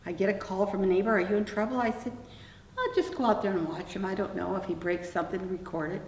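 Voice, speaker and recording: An older woman recounts an episode to her interviewer, acting out both sides of the exchange with a blunt, wry edge. Her voice has a gravelly texture and sits at an ordinary pitch. She is picked up from a distance in an echoey room with a faint hum behind. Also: fast. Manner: animated anecdote with quoted dialogue, blunt and wry. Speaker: interview guest. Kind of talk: storytelling in an oral-history interview.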